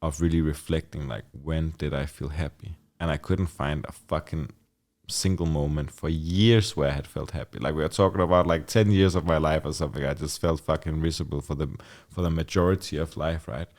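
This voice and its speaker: Very deep-voiced man telling his story. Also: fairly even intonation, a little fast, few pauses, a little mellow. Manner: loose and candid, with lots of "like" and frequent swearing. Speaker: podcast guest. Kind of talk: casual storytelling in a conversation.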